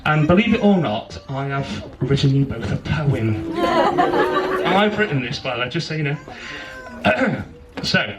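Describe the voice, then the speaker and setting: Joking best man with a lively voice. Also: fairly high pitch, slow pace, low-quality recording. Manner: joking, teasing the groom, laughing between lines. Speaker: best man giving a wedding speech. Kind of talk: wedding speech with a rhyming poem. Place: wedding reception venue with guests. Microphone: handheld microphone. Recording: wedding video with crowd noise. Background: crowd of guests laughing.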